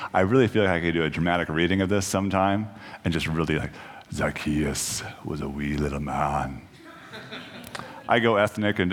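A man's voice: deep voice, a bit bright. A man giving a casual, conversational sermon in a church, joking at his own expense and restarting his sentences often. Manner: conversational, self-deprecating, many restarts. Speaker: preacher. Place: church sanctuary. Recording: long church reverb.

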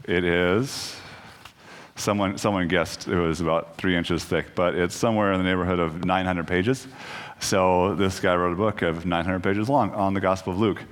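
A man's voice: low voice, fairly even intonation, normal speed. A man giving a casual, conversational sermon in a church, joking at his own expense and restarting his sentences often. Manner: conversational, self-deprecating, many restarts. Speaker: preacher. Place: church sanctuary. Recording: long church reverb.

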